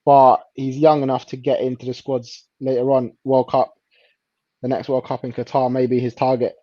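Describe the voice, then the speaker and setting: A man's voice: mid-range voice, little pitch movement, moderate pace, dark tone, no echo. Guy on a footy stream, chill and unsure, dry muffled audio. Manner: laid-back, hesitant, laughs often. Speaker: co-host. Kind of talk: casual football chat.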